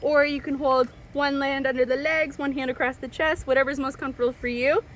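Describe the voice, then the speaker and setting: High-voiced woman teaching infant swimming. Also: fairly even intonation, a little fast, fairly bright tone, slight background noise. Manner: sing-song baby talk to an infant. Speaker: swim instructor. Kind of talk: instructional talk to parents. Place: swimming pool.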